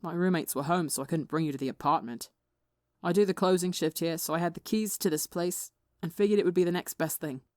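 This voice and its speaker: A woman's voice: on the low side, fairly quick, a little mellow, no echo, studio quality, close to an everyday voice. A woman voicing a reluctant young male healer who grumbles and sounds sheepish.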